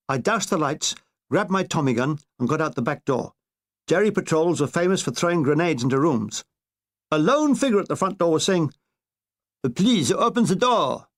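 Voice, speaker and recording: A man reads a comic war memoir with wry, deadpan timing. His voice sits fairly high for a man and rises and falls in lively swoops. It is a storyteller's reading. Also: a little fast. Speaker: narrator.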